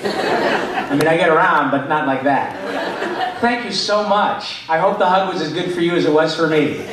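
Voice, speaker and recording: A man's voice: fairly high pitch, moderate pace, heavy background noise. Joking middle-aged man in an echoey hall. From Michigan, USA. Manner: animated, joking, chatty. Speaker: voice actor guest answering fan questions. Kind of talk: convention panel Q&A. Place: large convention hall. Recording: echoey hall, picked up from far off.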